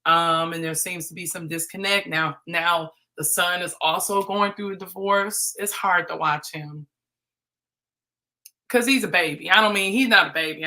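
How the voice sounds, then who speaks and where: Woman on a livestream talking reality tv, bright and punchy, playful and teasing. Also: lowish voice. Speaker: livestream host. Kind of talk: casual reality-TV commentary.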